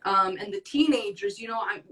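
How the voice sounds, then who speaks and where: A woman's voice: medium pitch, moderate pace, a bit bright, distant mic, low-quality recording. A young woman speaking earnestly as a podcast guest in casual talk, rambling with many fillers. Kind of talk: casual conversation.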